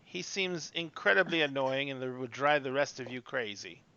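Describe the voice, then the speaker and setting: A man's voice: mid-range voice, lively intonation, moderate pace, pushed and bright, smooth, no echo, dull audio. A man doing a curt, dry forge master.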